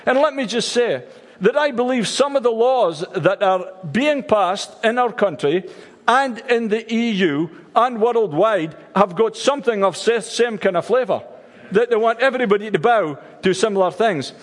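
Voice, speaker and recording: A man preaching a sermon for an online service, halting and repeating words with wry asides. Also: high-pitched, lively intonation, in a large hall. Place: church service streamed online.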